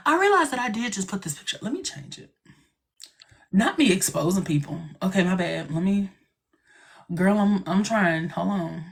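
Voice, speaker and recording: A man's voice: high voice, animated, normal speed, creaky, a bit bright. Guy hosting a live stream, sarcastic and jokey, just chatting away. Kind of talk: casual live-stream chat.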